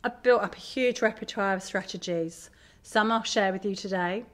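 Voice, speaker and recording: A middle-aged woman giving a candid, animated talk to an audience as a parent. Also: mid-range voice, moderate pace. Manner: animated, candid, self-deprecating. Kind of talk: live presentation to an audience.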